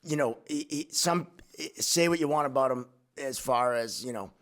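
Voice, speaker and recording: Guy hosting a podcast, kinda halting, lots of you knows, average voice. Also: medium pitch, fairly bright tone. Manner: halting, filler-heavy questions. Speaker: podcast host. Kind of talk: casual interview chat.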